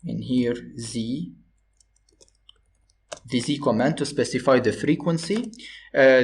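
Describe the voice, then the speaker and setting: Male instructor, mid-pitched, hesitant delivery full of fillers, step-by-step tutorial narration. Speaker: robotics instructor. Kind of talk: screen-recorded software tutorial.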